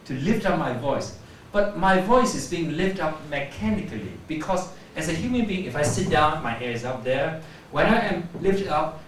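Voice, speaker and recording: A lively, slightly higher-pitched man demonstrates pronunciation to a class, drawing out vowels and lifting his questions. His voice carries through a very echoey classroom from some distance, with faint room ambience underneath. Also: slight background noise. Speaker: pronunciation teacher.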